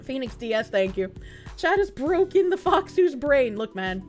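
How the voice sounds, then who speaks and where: Woman streamer, high voice, excitable, swears a lot, faint background music. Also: moderate pace. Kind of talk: casual live-stream chat, reading chat messages.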